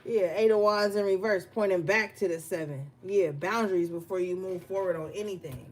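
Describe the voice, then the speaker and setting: A woman with a fairly low voice does a casual tarot reading at a slightly fast pace, faint music behind her. Blunt and profane, she uses slang and tells stories between the cards she draws.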